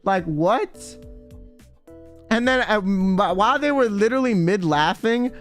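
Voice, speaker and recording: A young male streamer with a notably high voice tells a chaotic story in casual, profane bursts. He loops through "like" and restarts and acts out quoted lines as he goes. Faint music plays underneath. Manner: animated, swearing, quick filler-heavy retelling with acted quotes.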